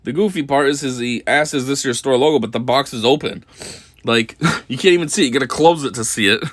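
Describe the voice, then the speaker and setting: A man talks through a scene in casual commentary. He rambles, chuckles often and fills his sentences with "like" and "um". His voice sits at an ordinary pitch. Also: brisk, a bit bright. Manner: rambling, chuckling, lots of fillers. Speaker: video commentator.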